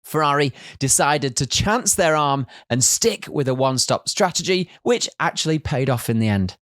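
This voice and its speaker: A man's voice: fairly high pitch, lively intonation, moderate pace, fairly bright tone, no room sound, clean studio sound. Man giving a jokey scripted race recap. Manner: jokey, teasing asides.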